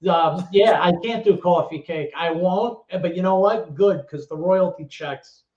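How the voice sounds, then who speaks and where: A man in his thirties tells a story as an interview guest, in a slightly high voice. He is animated and swears freely, and he slips into other people's voices as he goes. The sound is roomy and echoey, with a dull, lo-fi quality. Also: measured pace.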